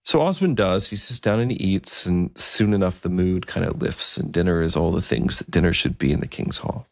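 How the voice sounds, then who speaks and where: A man's voice: sits low, expressive, fairly quick, vocal fry, no room sound, studio quality. A man narrating a story in a conversational way, with occasional fillers.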